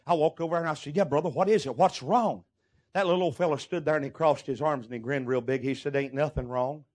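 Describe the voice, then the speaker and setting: Preacher, middle-aged man, high voice, folksy sermon storytelling with shouts. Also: fast. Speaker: pastor.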